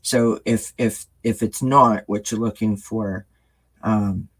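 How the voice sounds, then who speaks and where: A man with a low, husky voice talks to his viewers in a casual, gentle way. He halts often, fills gaps with ums and restarts his sentences. The tone stays earnest and sincere. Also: steady tone, low-quality recording. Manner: halting, full of ums and restarts. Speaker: tarot reader and channel host.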